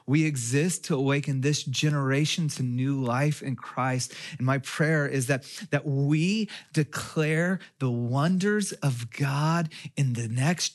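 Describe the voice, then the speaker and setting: A pastor from Texas, giving a sermon in a conversational way and asking questions of his listeners. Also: mid-range voice. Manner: conversational preaching with rhetorical questions.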